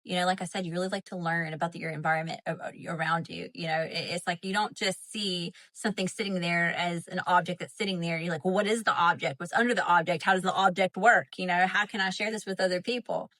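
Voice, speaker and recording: A woman's voice: on the low side, steady tone, quick pace, hardly any pauses, fairly bright tone. A woman with a Southern accent hosting a casual spiritual livestream, chatty and repetitive, often checking in with "right?" and "you know?". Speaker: spiritual host. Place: home, live stream. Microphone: phone or webcam mic.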